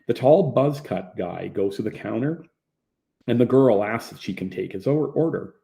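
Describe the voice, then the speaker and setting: A man narrating his own memoir as an audiobook in a plain, low-key manner. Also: lively intonation, moderate pace, creaky, warm tone. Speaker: author reading his own book.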